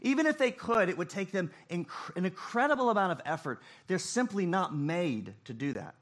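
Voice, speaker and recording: A man preaching a sermon, swinging between loud emphasis and hushed, quiet phrases. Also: high-pitched, animated, normal speed. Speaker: pastor.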